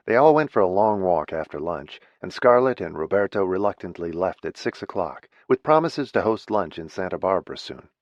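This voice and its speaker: Here a low-voiced man narrates a novel as an audiobook, keeping a steady, even delivery of scripted text. The sound is slightly dull and very dry, free of echo and room sound.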